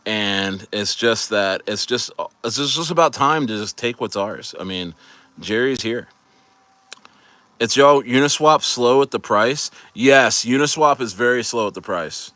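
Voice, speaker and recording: A man hosting a casual crypto livestream, rambling excitedly to his chat and laughing often. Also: mid-range voice, unhurried, no room sound.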